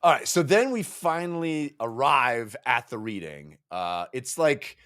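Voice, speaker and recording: A man co-hosting a casual book-club podcast, retelling scenes with laughter and putting on quick character voices. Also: mid-range voice, no echo, studio quality. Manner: animated, acts out characters with laughter. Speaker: podcast co-host.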